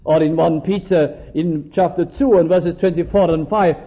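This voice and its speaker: A man preaching a sermon in a gentle, earnest way, reading scripture aloud and pausing with frequent fillers. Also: on the high side, fairly even intonation. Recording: dull lo-fi recording.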